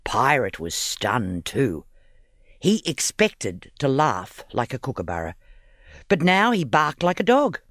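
A man narrating a children's audiobook story in an expressive, playful reading. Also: mid-range voice, slow, no room sound, clean studio sound.

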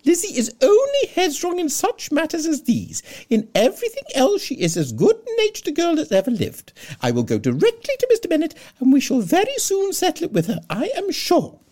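A woman voicing an excitable, flustered middle-aged mother who pleads in a high, loud voice. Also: brisk. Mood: frantic.

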